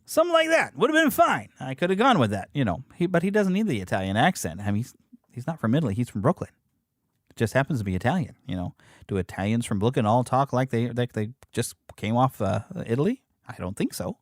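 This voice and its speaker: Sex: male. Role: podcast host. Style: animated, rambling chat. Pace: fast. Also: mid-range voice, no echo, clean studio sound. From United States. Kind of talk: casual chat.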